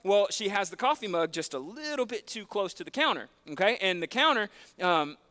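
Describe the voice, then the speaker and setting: A man preaching, telling a long, animated, self-deprecating story with lots of fillers in a church. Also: high-pitched, brisk. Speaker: pastor. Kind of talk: sermon storytelling. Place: church sanctuary.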